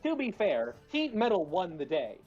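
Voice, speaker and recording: A player trades loud, profane banter at a game table. The pitch is very lively and jumps around a lot. The sound is slightly muffled and lo-fi. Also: normal speed, over music. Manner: loud, swearing, exasperated banter. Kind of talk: casual chat.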